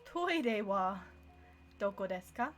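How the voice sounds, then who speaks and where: A woman's voice: medium pitch, lively intonation, takes it slowly, faint music behind. A young woman giving a casual live-streamed language lesson, chatty and self-deprecating, often laughing at herself. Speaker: language teacher.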